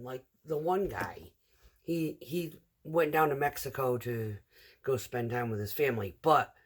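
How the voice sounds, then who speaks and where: A woman's voice: low voice, slightly rough. A middle-aged woman who drives a concrete truck, telling rambling work stories in a casual, chatty vlog full of fillers.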